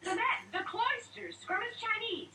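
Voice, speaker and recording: An actress playing a flirty, chatty clinic receptionist in a film, with a perky, teasing manner. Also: female voice, very high voice, moderate pace, gravelly, background noise. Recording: distant film soundtrack audio.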